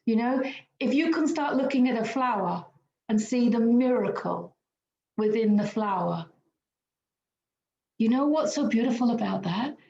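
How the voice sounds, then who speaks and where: A woman's voice: a little high, measured pace, vocal fry, long pauses, warm tone. Laughing, earnest woman reading tarot. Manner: earnest and upbeat, laughs often. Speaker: tarot reader. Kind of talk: weekly tarot card reading. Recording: roomy, slightly dull sound.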